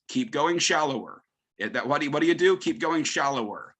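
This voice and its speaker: A male English teacher giving a conference talk, emphatic and lively, firing off rhetorical questions. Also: a little high, fairly quick. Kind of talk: conference presentation.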